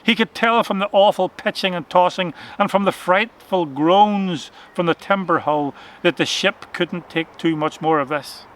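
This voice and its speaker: Male children's-story narrator, expressive and dramatic, bright tone. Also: sits high, unhurried, hardly any pauses.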